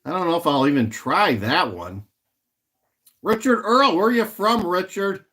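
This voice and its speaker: A man's voice: sits high, lively intonation, moderate pace, pushed and bright. A middle-aged man hosting a casual livestream at home, rambling, repeating himself and chatting with viewers as he reads their comments. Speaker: livestream host. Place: home in Illinois.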